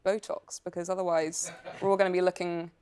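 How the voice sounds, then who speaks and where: A woman who is an actress, a chat show guest discussing her roles in an animated, thoughtful way with frequent filler words. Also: fairly low pitch, fairly quick, smooth. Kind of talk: casual chat show interview.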